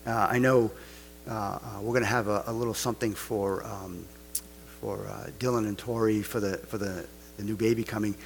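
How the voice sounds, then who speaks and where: A man's voice: fairly low pitch, fairly even intonation, moderate pace, creaky, in a large hall, slight background noise. A man preaching a casual sermon, full of rhetorical questions and joking asides. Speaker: pastor.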